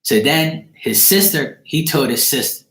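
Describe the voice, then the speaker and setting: A man's voice: a little high, animated, a little slow, a bit bright. A man, a psychic card reader, casually telling a story in his apartment in a loose, profane, rambling way. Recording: echoey room.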